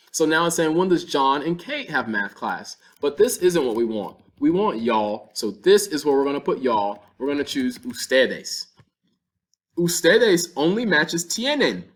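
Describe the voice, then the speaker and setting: A man's voice: fairly high pitch, a bit bright. Patient male Spanish teacher. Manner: patient, step-by-step explaining with slowed-down Spanish examples. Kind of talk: classroom-style language lesson.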